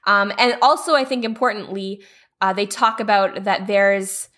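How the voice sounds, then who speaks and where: A woman co-hosts a podcast, casually recapping a TV episode with lots of fillers and laughter. Her voice is mid-range and fairly bright, and she speaks at a moderate pace.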